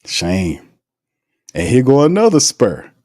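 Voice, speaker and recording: A man's voice: mid-range voice, huge pitch swings, slow pace, a little mellow, no room sound, clean studio sound. A man hosting a casual sports podcast, talking in an emphatic, slangy, teasing way and reading out live chat comments. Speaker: podcast host.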